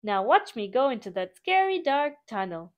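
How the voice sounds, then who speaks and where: A woman's voice: fairly high pitch, big pitch swings, normal speed, muffled recording. A woman voicing an eager young boy steam train who boasts in a bouncy way. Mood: boastful.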